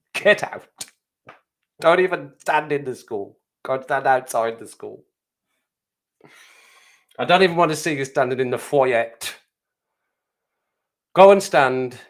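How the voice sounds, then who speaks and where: A man's voice: fairly low pitch, a bit bright, voice pushed down, close to an everyday voice. A man voicing a stern, disgusted male head teacher who barks contemptuous commands.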